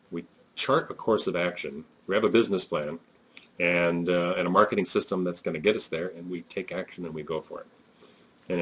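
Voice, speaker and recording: Deep husky man giving a motivational talk. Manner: conversational and emphatic, with frequent fillers. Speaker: network marketing trainer.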